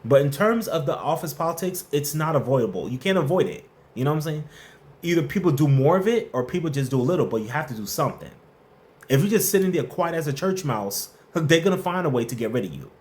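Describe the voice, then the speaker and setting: Guy hosting a live q&a stream, kinda high voice, super animated, slangy and playful. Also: quick pace. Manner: lively, playful and slangy, greets chat viewers by name. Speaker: host of a workplace advice livestream. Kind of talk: casual live-stream chat answering viewer questions.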